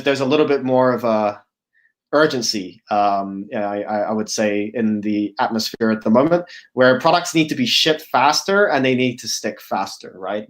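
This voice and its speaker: Male guest speaker, casual presenting voice, lots of "um" and "right?", mid-range pitch. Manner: thinking aloud, many fillers and restarts, tag "right?". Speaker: guest speaker, product officer. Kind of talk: conference presentation.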